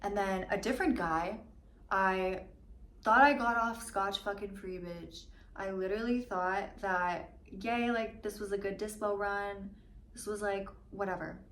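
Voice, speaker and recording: A woman in her twenties ranting casually in a storytime vlog, full of "like" and swearing, mimicking other people in quick asides. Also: mid-range voice, pushed and bright. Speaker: vlogger. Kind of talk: mukbang storytime rant. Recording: slightly echoey room with faint ambience.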